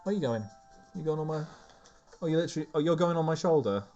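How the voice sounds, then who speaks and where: A man's voice: a little high, fast talker, mellow, dull audio, faint music behind. A man casually commenting on a video game, chatty and rambling, chatting to his cats as he plays. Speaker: let's play host.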